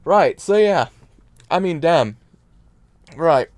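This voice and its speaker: A man's voice: a little high, lively intonation, slow, darkish tone, no room sound. A man reacting to an anime episode in a casual stream, rambling and repeating himself while crying. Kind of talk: emotional casual reaction talk.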